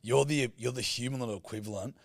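A man's voice: mid-range voice, quick pace, creaky, no echo, clean studio sound. A man co-hosting a podcast, teasing and swearing in casual comedy banter. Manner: crude, teasing, animated. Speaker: podcast co-host.

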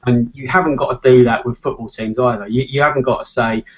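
Opinionated English football podcaster, stammering restarts, mid voice, muffled lo-fi sound. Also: male voice, medium pitch, fairly even intonation, fast, a bit bright. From England. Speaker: podcast co-host. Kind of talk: casual football chat.

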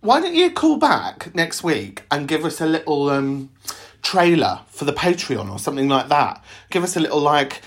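A man's voice: a little high, wildly swooping pitch, moderate pace, a bit bright. A man hosting a call-in show, cheeky and teasing, laughing often. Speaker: host. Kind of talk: casual chat reacting to callers.

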